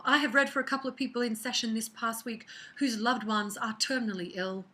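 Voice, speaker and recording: A woman runs through her weekly oracle card reading in a loose, conversational way. Her voice is bright and forward, her talk animated and expressive, and she often slips into soft, half-whispered asides. It sounds like a personal chat with the viewer. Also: medium pitch. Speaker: psychic card reader.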